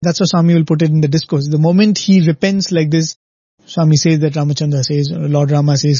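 A man's voice: fairly high pitch, steady tone, fairly quick, dark tone, no room sound, highs cut off. A man giving an earnest, reflective devotional discourse, often ending his points with "right?". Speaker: spiritual speaker.

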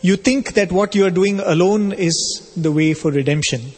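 A man doing a calm, virtuous housewife. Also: high-pitched, normal speed, breathy edge. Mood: instructive. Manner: gentle, composed. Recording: long hall reverb.

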